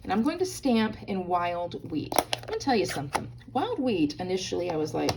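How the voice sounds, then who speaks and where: Woman, craft-tutorial host, gravelly and animated, friendly direct address, faint hiss behind. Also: on the low side, moderate pace. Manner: chatty, bubbly, talks straight to viewers. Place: hotel room.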